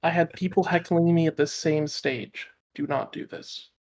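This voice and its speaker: A man voicing a bard who scolds quietly under his breath. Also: moderate pace, creaky. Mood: stern hushed. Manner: low and hushed, under the breath.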